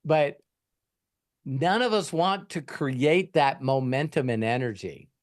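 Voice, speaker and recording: Animated motivational storytelling man. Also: fairly high pitch. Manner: animated, acts out bystanders' lines in quick voices. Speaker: host answering questions from a member.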